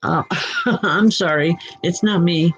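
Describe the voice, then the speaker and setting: A woman working as a psychic medium, giving live spirit readings in a reassuring way, often breaking into soft laughter. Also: lowish voice, slow pace, husky, muffled recording.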